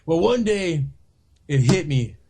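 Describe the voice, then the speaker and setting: Rock guitarist guest, fifties, high voice, loose and foul-mouthed, chatty interview. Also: male voice, very animated, slow pace, dark tone, breathy edge. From San Francisco, California. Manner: profane, rambling storyteller, laughs often. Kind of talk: casual radio interview.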